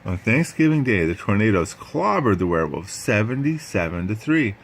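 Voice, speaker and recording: A man's voice: lowish voice, sing-song, moderate pace, slight background noise. A man reading a picture book aloud, adding chatty asides about the pictures. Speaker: read-aloud storyteller.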